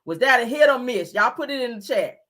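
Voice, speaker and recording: A woman's voice: a little high, animated, fairly quick, fairly bright tone. A woman hosting a casual livestream, giving blunt, sassy fashion commentary and talking straight to her chat. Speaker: livestream host.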